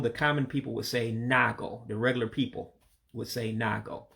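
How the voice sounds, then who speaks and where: A man teaching vocabulary in a casual spoken lesson, patiently repeating each word slowly so listeners can practice along. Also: medium pitch, vocal fry. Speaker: language learner teaching vocabulary.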